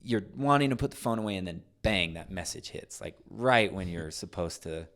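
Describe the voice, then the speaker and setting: A man's voice: low-pitched, normal speed. A middle-aged man, a podcast guest, telling stories in conversation, acting out voices and often restarting his sentences. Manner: animated, acts out voices in anecdotes; frequent restarts and trailing phrases. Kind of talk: storytelling in conversation.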